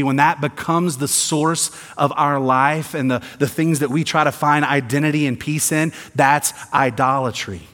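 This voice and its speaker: Pastor preaching in a reverberant hall. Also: male voice, a little high. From American South. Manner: swings from quiet emphasis to rising intensity, sarcastic asides. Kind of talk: sermon.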